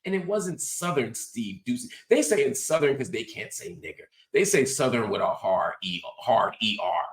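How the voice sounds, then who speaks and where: A man's voice: medium pitch, animated, normal speed, reverberant. A man hosting a show, giving an emphatic, lecturing political commentary monologue full of rhetorical questions and casual profanity. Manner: frequent "right?" tag questions; profanity-laced colloquial talk. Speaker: host.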